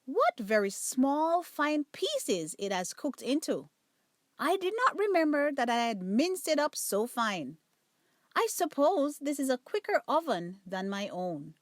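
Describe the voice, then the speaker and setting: Woman voicing a fussy, anxious lady dog from a storybook, high and lively, slow and careful. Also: no echo, clean studio sound. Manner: prim, fussy politeness. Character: polite anxious female dog guest.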